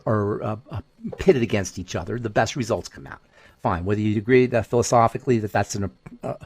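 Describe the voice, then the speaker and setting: A man co-hosting a casual health podcast, animated and fond of rhetorical questions and stories. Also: mid-range voice, dry recording. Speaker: podcast co-host.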